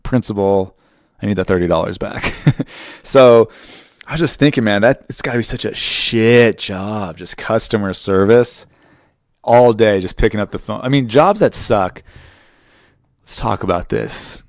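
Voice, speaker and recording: A man's voice: fairly low pitch, a little slow, no echo, clean studio sound. A man in his thirties hosting a podcast, telling a story in a rambling, jokey, profane monologue. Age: 30s. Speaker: podcast host. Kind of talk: casual monologue.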